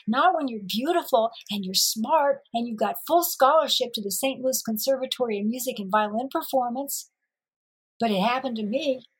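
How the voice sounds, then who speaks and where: A woman from Missouri answers interview questions by telling her own story. Her voice sits high and has a breathy, husky edge. She is a lively storyteller who acts out past conversations and laughs along the way. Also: rough recording. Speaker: interview guest.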